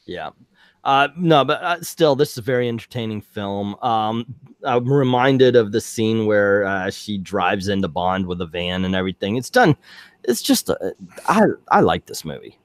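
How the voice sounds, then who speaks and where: A man co-hosting a casual film review chat, lively and teasing in his opinions. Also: fairly low pitch, moderate pace, no room sound, clean studio sound. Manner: lively, teasing, mocks with a droning impression. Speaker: movie review show co-host.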